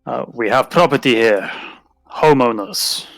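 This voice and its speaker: A boastful warrior atop his beast, as a man voices him in a tabletop game, formal and proud of his deeds. The voice sits mid pitch, close and dry, with faint music behind. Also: a little slow, creaky, fairly bright tone, no room sound. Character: proud adult male warrior riding a beast.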